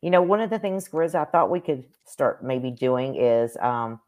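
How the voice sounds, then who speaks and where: A woman with a very low voice talks casually on a live stream as a psychic medium. She rambles and hesitates, using many fillers. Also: expressive, normal speed, darkish tone.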